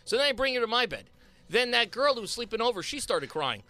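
Fast, lively high-voiced man telling a story. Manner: rambling anecdote with quick restarts. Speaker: radio show co-host. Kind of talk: casual studio banter, storytelling.

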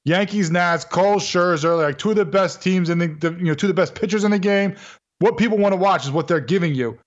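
Brief: male co-host, somewhat high voice, casual rant, muffled sound. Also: fast talker. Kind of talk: casual sports talk.

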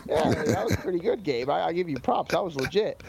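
A man co-hosting a radio show, reacting quickly and enthusiastically in casual chat. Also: fairly high pitch, lively intonation, vocal fry, darkish tone, breathy edge.

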